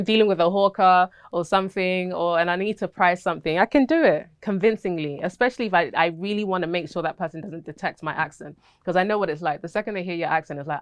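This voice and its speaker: A woman's voice: lowish voice, fast talker, hardly any pauses, clear, resonant tone, dry recording, studio quality. A young woman with a British accent, an actress answering interview questions in a candid, chatty way and laughing easily.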